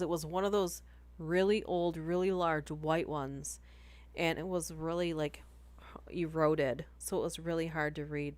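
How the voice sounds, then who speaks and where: A woman streaming, chatting casually between horror story readings, giggly and full of "like". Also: deep voice. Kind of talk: casual livestream chat.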